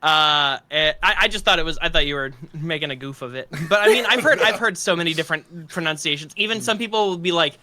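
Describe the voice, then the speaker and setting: A man's voice: on the high side, fast, few pauses, bright, forceful tone. A man, a voice actor, chatting casually on a video call in a friendly, rambling way with plenty of fillers. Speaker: voice actor guest.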